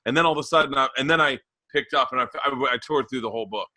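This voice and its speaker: A man in his forties, a podcast guest telling animated stories in a raspy, loud voice. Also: medium pitch, very fast, dry recording. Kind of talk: casual chat.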